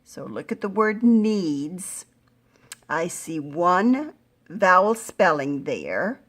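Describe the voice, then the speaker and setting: A middle-aged woman teaching a phonics lesson to young readers, patient and encouraging, sounding words out slowly. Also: on the low side, big pitch swings. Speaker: reading teacher.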